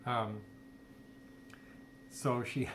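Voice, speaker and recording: A man's voice: mid-range voice, fairly even intonation, extremely slow, fairly bright tone, a little hiss or hum. A middle-aged man casually telling a rambling personal story and quoting people's dialogue. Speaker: storyteller sharing personal history.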